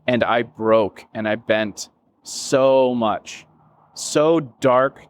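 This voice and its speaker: A man's voice: medium pitch, extremely slow, smooth. A man, a business founder interviewed as a guest, talking candidly and emotionally with many fillers and some swearing. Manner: rambling, many fillers and self-quotes. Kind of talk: candid reflective interview talk.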